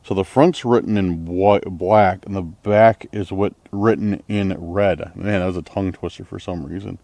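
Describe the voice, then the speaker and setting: A man's voice: deep voice, steady tone, moderate pace, creaky, warm tone, no room sound. A man vlogging to camera on a forest trail at night, rambling uneasily and packing his talk with fillers. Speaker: outdoor vlogger exploring trails.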